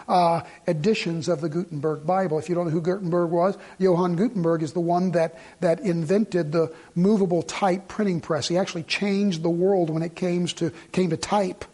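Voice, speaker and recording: A man's voice: high-pitched, darkish tone. A middle-aged man preaching a sermon, telling stories and building to fervent emphasis. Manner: storytelling, rising to fervent emphasis. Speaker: pastor.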